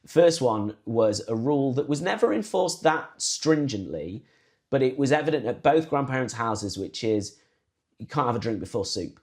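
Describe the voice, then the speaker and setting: A man's voice: medium pitch, normal speed. A man co-hosting a podcast, telling family stories in casual chat and slipping into raised voices to mimic relatives. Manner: animated storyteller, imitates relatives in raised voice. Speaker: podcast co-host.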